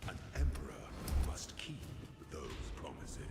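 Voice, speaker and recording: An actor voicing a solemn, ominous imperial figure in a video game, speaking in slow, grave pronouncements. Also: male voice, deep voice, huge pitch swings, vocal fry, over music, exaggerated voice. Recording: echoey game audio under loud noise.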